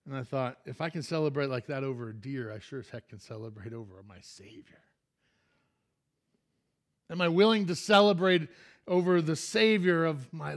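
A middle-aged male pastor giving a sermon, telling a folksy story that keeps surging into excitement. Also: fairly high pitch.

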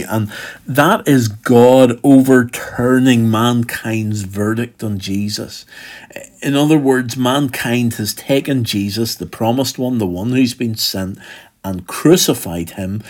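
A man's voice: mid-range voice, a little mellow. Man preaching in an easy explaining tone. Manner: conversational, explaining step by step and acting out imagined speech. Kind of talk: sermon.

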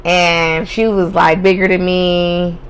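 On her podcast, a young woman shares a personal story in a slow, smooth, fairly low voice with a level tone. Her casual storytelling is frank and profane, broken up by frequent laughter. The audio is poor.

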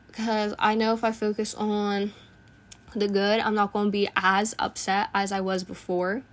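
A teenage girl hosting her own podcast, talking in an earnest, reflective way in short bursts. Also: mid-range voice. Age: teens. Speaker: podcast host. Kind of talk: casual personal monologue.

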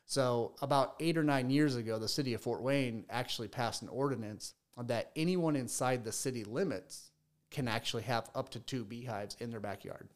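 A man with a mid-range voice speaks at normal speed. He runs a beekeeping business and chats casually in a podcast interview, telling stories full of restarts and repeated words.

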